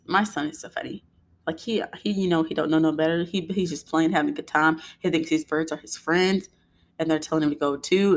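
A young adult woman, a mother, telling a story in a casual, animated way and acting out what people said. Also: low voice. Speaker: vlogger, mother.

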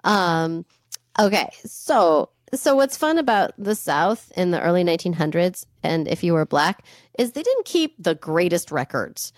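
A woman co-hosting a podcast, telling a story in casual, animated chat and swearing freely. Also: on the low side, a little slow, no echo, studio quality. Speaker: podcast co-host.

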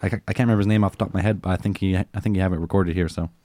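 A man's voice: low-pitched, steady tone, racing, dark tone, no room sound. A man co-hosting a podcast, easygoing as he introduces a segment. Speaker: podcast co-host. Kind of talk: casual chat.

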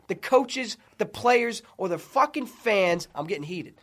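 A man's voice: sits high, sing-song, a bit bright. A man hosting a sports talk radio show, ranting with heat and a lot of cursing. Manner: profane, fired-up, rapid ranting.

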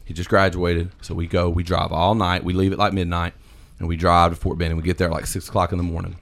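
A man telling a long story in casual chat, animated, swearing and quoting his friends. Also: sits low, fast talker, vocal fry.

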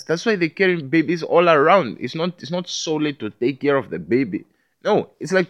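A man talking in a rambling monologue, stammering and repeating himself, swearing often and asking if you understand him. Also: mid-range voice.

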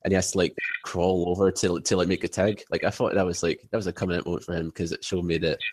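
A man co-hosting a casual wrestling podcast, talking haltingly with constant fillers. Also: deep voice, level tone, darkish tone, slightly rough, no room sound. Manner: halting, heavy use of "like". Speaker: podcast co-host.

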